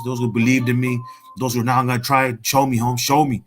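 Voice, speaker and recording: A man's voice: medium pitch, little pitch movement, quick pace, faint music behind. A middle-aged man from Salinas, giving a fired-up, profane motivational monologue and calling the listener "homie.". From Salinas, California. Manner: streetwise, profane, repeats "homie" and "Holmes". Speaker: motivational speaker.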